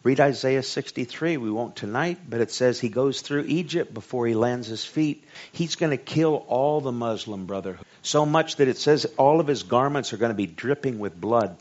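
A man with a Southern US accent preaching a sermon. He reads scripture slowly and emphatically, then jokes in a casual way. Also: mid-range voice, animated, a little mellow. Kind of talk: sermon Bible study. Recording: dull lo-fi recording.

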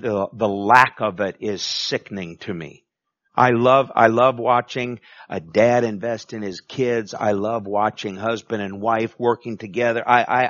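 A man preaching a sermon as a pastor, emphatic and preachy, swinging between loud punches and low, quiet stretches. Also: no echo. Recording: dull, lo-fi recording.

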